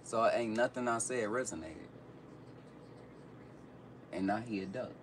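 A man's voice: lowish voice, unhurried, pauses often, distant mic, noisy background. A man playing a nephew in a comedy skit, teasing and lecturing his uncle. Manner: teasing, lectures calmly then shouts. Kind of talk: comedic bickering.

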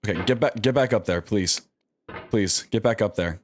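A man's voice: fairly low pitch, normal speed, slight background noise. A man streaming live, commenting as he plays, talking to himself, swearing often, and coaxing himself through each attempt. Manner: animated self-talk, frequent swearing.

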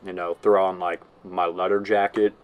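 A man's voice: low voice, little pitch movement, moderate pace, clean tone, narrow, tinny audio. A man giving casual gameplay commentary, rambling and giggling as he mocks himself. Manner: rambling, giggly, self-mocking.

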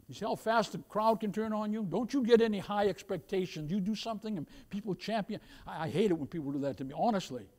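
A male pastor preaching a sermon, calling his listeners "beloved" and swinging from loud emphasis to hushed asides. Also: high voice, fast talker, hardly any pauses.

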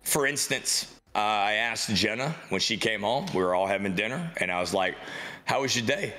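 A man's voice: fairly low pitch, animated, normal speed, sharp tone. A man co-hosting a podcast in casual chat, talking loosely with lots of fillers and some swearing. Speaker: podcast co-host.

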